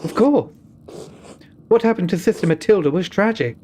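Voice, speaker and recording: A grave, solemn mother superior in a video game, warning in a measured British voice pitched well above a man's own, put on by a male streamer. The tone stays stern and careful throughout. A faint hiss sits under the recording. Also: animated, dark tone.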